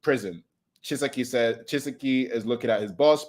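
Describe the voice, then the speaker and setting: A man's voice: medium pitch, normal speed, darkish tone. Laid-back slangy man reading manga aloud. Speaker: manga reaction youtuber. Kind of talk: casual reading and commentary.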